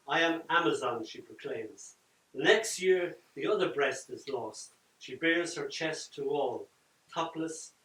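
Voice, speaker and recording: An older man reading his poems at a launch, dramatic, swinging from loud lines down to near-whispers. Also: fairly high pitch. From Ireland. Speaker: poet. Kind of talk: live poetry reading with chat. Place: event room at a book launch. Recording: roomy echo from far off.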